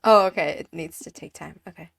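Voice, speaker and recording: A woman's voice: deep voice, vocal fry, a bit bright, slightly rough. A woman co-hosting a podcast on a video call, chatting casually with many "like"s and ready laughs. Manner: chatty, quick to laugh, leans on "like". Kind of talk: casual chat.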